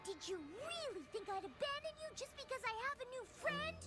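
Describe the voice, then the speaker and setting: A woman voicing a timid, gentle pony in a cartoon, soft and earnest. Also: very high-pitched, lively intonation, a little fast. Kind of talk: cartoon voice acting. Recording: loud music behind the voice.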